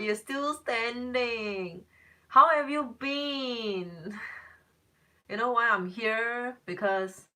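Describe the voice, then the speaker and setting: Woman tarot reader, casual live-stream host, bright and tense tone, rambling, exasperated. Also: mid-range voice. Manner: chatty, talks back to viewer comments, rambling restarts; exasperated exclamations.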